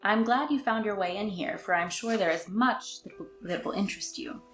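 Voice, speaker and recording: A woman's voice: mid-range voice, brisk, fairly bright tone, lightly acted. A woman voicing a courtly old male vampire count, reading a novel aloud with formal, stately phrasing, in an echoey room. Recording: echoey room, faint music.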